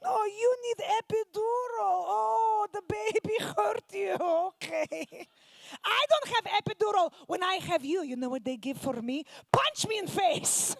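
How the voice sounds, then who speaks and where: A woman's voice: extremely high pitch, unhurried, gravelly, no room sound, voice pushed up, heavily acted. A woman voicing her brash older Soviet immigrant mother, scolding and boastful in broken English with a Russian accent.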